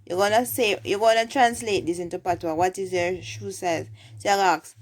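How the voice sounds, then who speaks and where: A woman's voice: fairly low pitch, fairly even intonation, moderate pace, few pauses. A woman with a Jamaican accent teaching everyday phrases, saying each example twice. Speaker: language teacher.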